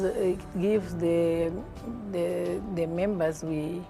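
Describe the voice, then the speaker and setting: Slow, mellow-voiced woman in an interview. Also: on the low side. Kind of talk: documentary interview.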